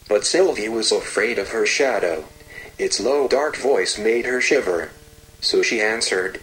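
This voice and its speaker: A man narrating a fairy tale slowly and gently, with repetitive storytelling phrasing. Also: lowish voice, expressive, poor audio.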